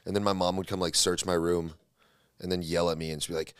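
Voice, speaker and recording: A man with a lowish voice recorded close and dry, chatting casually on a podcast. He drops dry, deadpan quips into the conversation. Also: fast, clean tone, dry recording. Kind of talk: casual chat.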